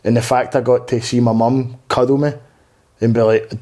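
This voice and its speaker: Young male comic guest, mellow low-toned voice, rambling candid chat with plenty of swearing. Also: little pitch movement, moderate pace. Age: 20s. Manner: rambling, earnest, peppered with swearing and "mate". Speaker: podcast guest, stand-up comedian. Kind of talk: candid conversational interview.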